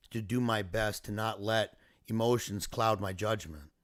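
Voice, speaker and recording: A man's voice: on the low side, a bit bright, dry recording, studio quality. A man speaking earnestly and emotionally in a personal video diary, recounting a family emergency as a father. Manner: earnest, emotional, reflective storytelling.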